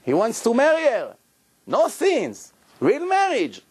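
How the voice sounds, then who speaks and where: A man's voice: very high-pitched, takes it slowly, slightly rough. A man teaching as a rabbi, telling a story with acted-out dialogue, questions to listeners and non-native English grammar. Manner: animated, acts out dialogue, asks the audience questions. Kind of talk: Torah lecture with storytelling.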